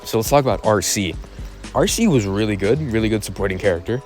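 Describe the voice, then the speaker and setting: Laid-back rambling man, low voice. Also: expressive, fast, darkish tone, faint music behind. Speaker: YouTube channel host. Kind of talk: casual opinion vlog.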